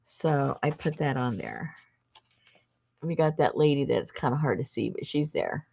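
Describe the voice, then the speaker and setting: Gravelly rambling woman crafter. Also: a bass voice, expressive, a little slow, dark tone, muffled recording. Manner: rambling, chatty, self-interrupting. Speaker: craft livestream host. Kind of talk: casual chat while crafting.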